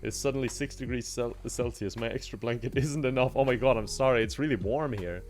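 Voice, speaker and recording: A man's voice: medium pitch, fairly quick, a little mellow, soft background music. A man chatting casually while streaming a game, laughing often and thanking viewers by name. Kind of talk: casual gaming livestream chat.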